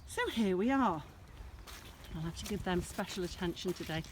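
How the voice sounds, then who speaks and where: A woman vlogs a casual walk around her smallholding, filming herself on a handheld camera in a farm field, chatting aimlessly and doting on her animals. She has a lowish, expressive voice at a moderate pace, and there's a little hiss or hum.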